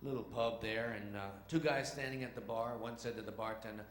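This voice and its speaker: A man's voice: medium pitch, steady tone, a little fast, a little hiss or hum. A male stand-up comedian tells rambling, chatty stories and throws in sound effects. His mid-range voice rings through an echoey theater with a faint audience murmur. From New York. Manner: chatty, acts out voices and engine noises. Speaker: stage comedian. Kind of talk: stand-up storytelling. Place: theater stage.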